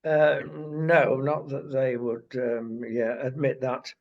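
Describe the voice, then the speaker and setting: A man's voice: medium pitch, little pitch movement, takes it slowly. A man co-hosting a casual current-affairs chat, opinionated and rambling with lots of uhs. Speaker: co-host. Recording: dull lo-fi sound.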